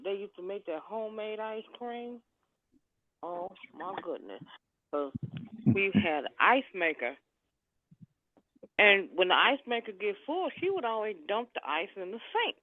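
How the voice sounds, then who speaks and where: A woman calling in to a group video chat, telling folksy stories in a lively, down-home way over the phone. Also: medium pitch, measured pace, no echo. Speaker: caller. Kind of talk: casual storytelling. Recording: tinny phone line.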